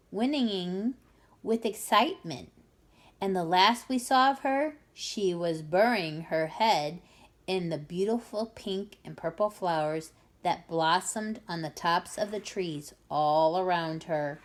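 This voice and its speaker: A woman reading tutor reading a children's book aloud with expressive storytelling. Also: mid-range voice, takes it slowly.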